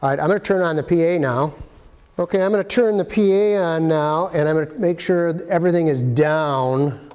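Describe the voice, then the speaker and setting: Man instructor, casual hands-on demo, slightly high voice, echoey hall sound. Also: a little fast, darkish tone, smooth. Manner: plain, practical, talks while handling gear. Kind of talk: casual how-to demonstration.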